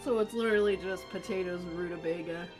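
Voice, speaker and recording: A woman's voice: fairly low pitch, fast talker. Giggly crude woman co-streamer. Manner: crude jokes, giggly, blunt opinions. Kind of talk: casual let's-play banter. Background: game music.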